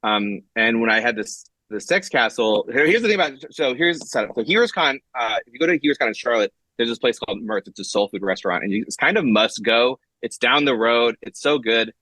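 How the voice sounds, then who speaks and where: A comic writer being interviewed as a guest tells stories casually and with animation, acting out quotes amid lots of fillers and restarts. His medium-pitched voice is brisk with few pauses, and the recording is dry.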